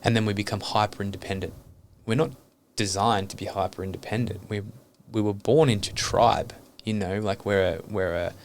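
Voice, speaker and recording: A man's voice: lowish voice, steady tone, normal speed, slight background noise. A man talking openly and earnestly as a podcast guest, reflecting on his life and swearing casually.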